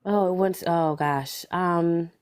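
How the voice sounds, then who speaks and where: A woman's voice: on the low side, fairly even intonation, slow pace, clear, resonant tone. A woman in casual conversation who thinks aloud, trails off and restarts, and chuckles often. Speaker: panelist in a live discussion. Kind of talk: casual reflective chat.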